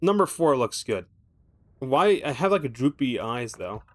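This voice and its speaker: A man's voice: medium pitch, very animated, unhurried. A man streaming a game, thinking aloud with casual commentary that rambles, swears freely and slips in wry, self-mocking asides.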